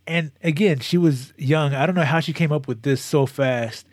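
A man chatting casually as a co-host, telling a long, animated story with many restarts and moments of emotion. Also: mid-range voice, measured pace, no room sound, clean studio sound. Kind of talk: casual chat.

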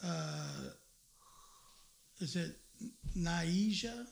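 A man with a high, gravelly voice hosts a loose comedy talk segment. He is blunt and profane, and he rambles through listings with plenty of uhs. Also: slow, pauses often. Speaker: radio show host. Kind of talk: casual crude comedy talk.

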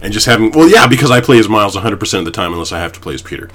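A young man from Canada rattles off words rapid-fire in a fairly low, expressive, somewhat bright voice. Co-hosting a podcast, he chats casually and tells long, rambling stories peppered with fillers.

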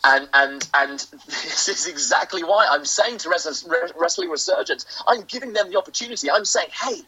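A British man, a professional wrestler, delivering a grandiose, self-aggrandizing in-character promo with theatrical pauses. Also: fairly high pitch, crowd noise. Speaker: professional wrestler, interview guest. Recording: lo-fi dull audio.

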